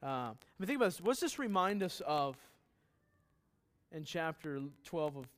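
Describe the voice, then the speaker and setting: Middle-aged man, pastor, easygoing sermon, slightly high voice, asks the room questions. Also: very animated, moderate pace. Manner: conversational, joking asides, quizzes the congregation. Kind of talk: sermon Bible teaching.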